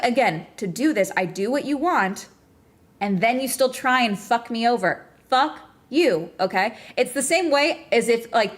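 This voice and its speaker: Profane, agitated woman streamer ranting. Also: on the high side. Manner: profane, fast ranting with bursts of laughter. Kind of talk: casual livestream chat.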